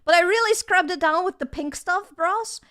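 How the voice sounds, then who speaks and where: Young woman, high voice, giggly casual streamer chatting from her desk. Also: normal speed, fairly bright tone. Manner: bubbly, giggly, reads chat aloud. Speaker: vtuber streamer. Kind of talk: casual live-stream chat. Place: home desk setup.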